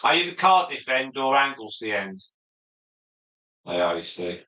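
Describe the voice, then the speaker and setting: Bright, sharp-voiced male livestream host. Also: mid-range voice, sing-song, measured pace, echoey room, poor audio. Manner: chatty, reads viewer comments aloud and answers them. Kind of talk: casual livestream chat.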